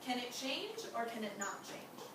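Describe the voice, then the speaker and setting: Woman teacher, high voice, encouraging, asks lots of questions, echoey classroom heard from far off, background noise. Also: very animated, a little slow. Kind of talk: classroom lesson.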